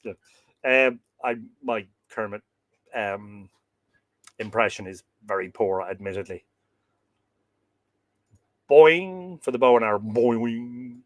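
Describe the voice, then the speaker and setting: A man's voice: on the low side, steady tone, a bit bright, dry recording, clean studio sound. Man reading old myths aloud. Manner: reads aloud, then breaks off into chatty, halting asides. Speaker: podcast host reading myths. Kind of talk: live storytelling reading with asides.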